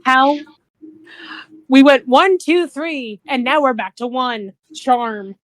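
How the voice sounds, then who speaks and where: Woman player at the table, high voice, dry mic, casual, explains her moves and laughs a lot. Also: slow, no echo, poor audio. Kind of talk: playing a tabletop game.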